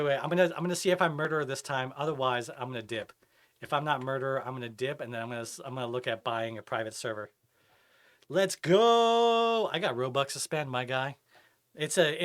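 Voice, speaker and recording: A man streaming a game live, chatting casually and reading and answering his chat as he plays. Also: mid-range voice. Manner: animated, chatty, reads chat aloud.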